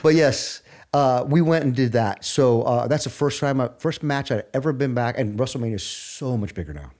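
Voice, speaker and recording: A man's voice: mid-range voice, expressive, moderate pace, darkish tone. Enthusiastic, rambling middle-aged man. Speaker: wrestling guest. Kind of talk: casual interview chat.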